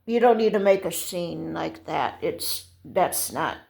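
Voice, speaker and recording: A woman voicing a stern male store attendant who lectures a customer in a lower tone. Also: expressive, a little slow, creaky, a little mellow. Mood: reproving. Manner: reproving, lecturing.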